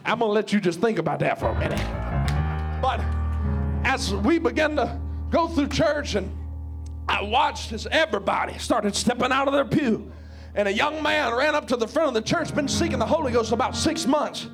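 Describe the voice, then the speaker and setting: A man preaching a revival sermon in a church, shouting his lines with a rhythmic "uh" between phrases and telling folksy stories. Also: extremely high pitch, animated, moderate pace, over music. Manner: shouted preaching punctuated by a breathy "uh"; folksy storytelling, calls himself a redneck. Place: church sanctuary.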